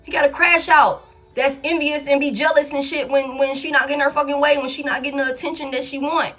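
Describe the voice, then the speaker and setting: A woman giving a live tarot reading, blunt and profane, hammering her points home with repeated flat refusals. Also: sits high, fast talker. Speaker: tarot reader. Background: faint background music.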